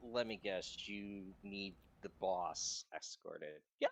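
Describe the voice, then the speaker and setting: A man's voice: deep voice, takes it slowly, gravelly. A man playing a tabletop game, joking in casual banter. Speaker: player.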